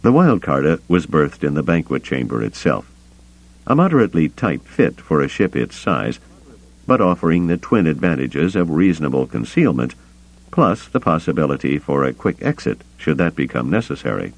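Very deep, gravelly male narrator. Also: poor audio. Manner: steady, deliberate storytelling. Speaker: audiobook narrator. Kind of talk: scripted narration.

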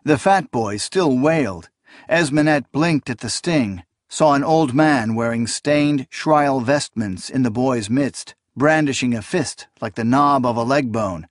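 A man narrating a story in measured, dramatic scripted narration. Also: mid-range voice, no echo, clean studio sound. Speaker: audiobook narrator.

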